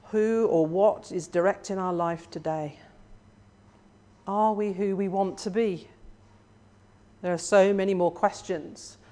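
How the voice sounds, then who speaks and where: A preacher delivering a sermon in a measured, reflective way, often putting questions to the listeners. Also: medium pitch, darkish tone.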